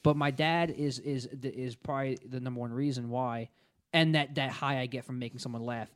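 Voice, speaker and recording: A man's voice: medium pitch, steady tone, moderate pace. A young man, a stand-up comedian, in casual podcast chat, rambling with lots of fillers and swearing. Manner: rambling, profane, many fillers and restarts.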